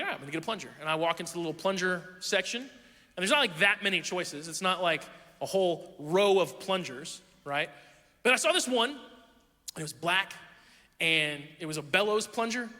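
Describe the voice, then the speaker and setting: A young male pastor delivers his sermon with a high, bright voice. He tells stories about himself with animated, self-deprecating humor. His voice carries a long reverb from a church auditorium. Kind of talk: sermon with storytelling.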